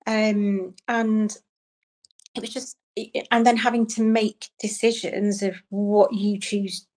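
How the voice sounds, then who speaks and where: A young woman speaks in a flat, narrow-ranged voice, pausing often and restarting her sentences. She tells a personal story as an interview guest, quietly and haltingly. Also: medium pitch. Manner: soft, halting, with many ums and restarts.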